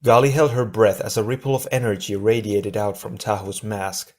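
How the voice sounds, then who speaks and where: A low-pitched man reads an adventure audiobook aloud. His narration is steady and measured. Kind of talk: scripted narration.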